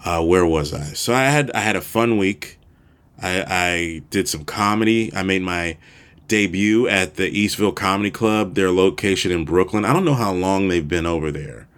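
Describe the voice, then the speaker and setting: Podcast host, male, very low voice, relaxed rambling solo chat with casual swearing. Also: moderate pace. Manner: rambling, loose, swears casually, laughs easily.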